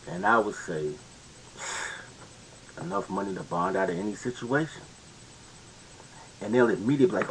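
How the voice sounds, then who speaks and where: A man's voice: sits low, sing-song, moderate pace, pauses often, slight background noise, low-quality recording. A man hosting a casual commentary monologue, rambling and slangy with many restarts. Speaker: commentary host.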